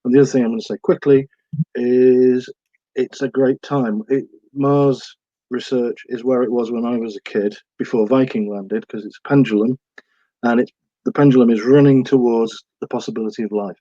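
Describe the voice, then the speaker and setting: A man's voice: medium pitch, fairly even intonation, normal speed, dark tone, no echo, highs cut off. Eager middle-aged British man on call. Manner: eager, rambling. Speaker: author guest. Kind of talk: enthusiastic interview answers.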